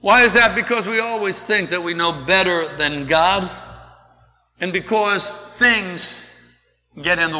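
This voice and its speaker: Male preacher, bright forceful tone, slightly high voice, sermon style. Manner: slow preaching, swings from soft to loud. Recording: long hall reverb.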